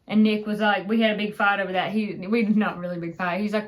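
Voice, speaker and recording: A woman's voice: medium pitch, quick pace, few pauses, low-quality recording. A woman with an Appalachian accent, co-hosting a casual chat and laughing often. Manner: chatty, laughs often, excitable. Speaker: co-host.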